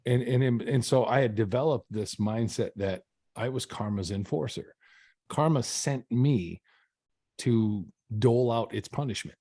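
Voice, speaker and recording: A man's voice: mid-range voice, a little slow, mellow, dry recording, clean studio sound. A man, a podcast guest, telling his own story in an earnest, reflective way, often restarting his sentences. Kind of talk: casual storytelling.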